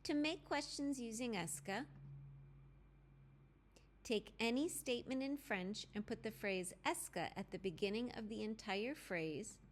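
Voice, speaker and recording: A woman teacher narrating a language lesson, clear and deliberate, spelling out grammar formulas step by step. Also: on the high side, a little hiss or hum. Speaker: French teacher. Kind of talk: slow instructional lesson narration.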